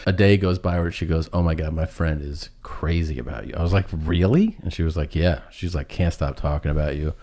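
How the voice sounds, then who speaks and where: A middle-aged man telling a long, funny personal story on a podcast. He laughs through it and pauses often. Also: extremely low pitch, mellow. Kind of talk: casual storytelling chat.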